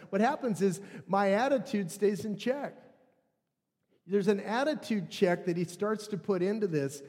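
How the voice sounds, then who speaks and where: A high-voiced man preaches to his congregation in an animated, conversational way, slipping in jokes as he goes. His voice carries a long reverb from the church hall around him. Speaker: pastor. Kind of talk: sermon.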